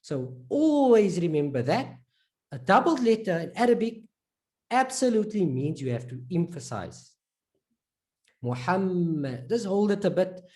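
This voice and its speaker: Lively, patient woman teaching a lesson. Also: mid-range voice. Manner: slowly drawn-out word demonstrations; patient, repeats and checks in with learners. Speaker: Arabic reading teacher. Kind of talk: online lesson.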